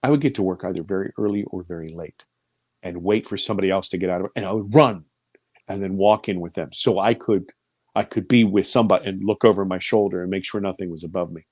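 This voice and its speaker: A man in his fifties telling a personal story as an interview guest, voice leaping high when he quotes himself and sinking low and hushed when he recalls fear. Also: fast, no room sound. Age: 50s. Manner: animated, voice rising high for quoted speech and dropping low and quiet for fear.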